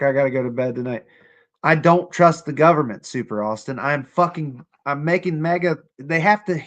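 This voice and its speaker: A man's voice: fairly high pitch, fairly bright tone. A young man hosting a casual livestream, sarcastic and profane, talking straight to his chat. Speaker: livestream host.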